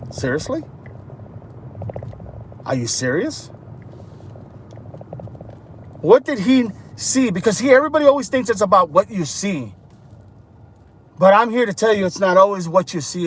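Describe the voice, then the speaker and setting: A man's voice: high-pitched, animated, normal speed, pauses often. A man hosting a livestream, talking speculatively and addressing his listeners directly, recorded outdoors near traffic. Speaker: livestream host. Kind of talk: speculative live-stream talk.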